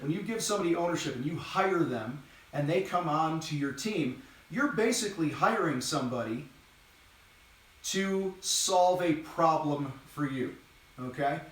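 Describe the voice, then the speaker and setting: Casual energetic guy coaching contractors, kinda high voice, super echoey room far off the mic. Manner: blunt, casual and energetic, swears now and then. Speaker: host and business coach for contractors. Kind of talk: live training talk to a camera. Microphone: distant mic, moves around while talking.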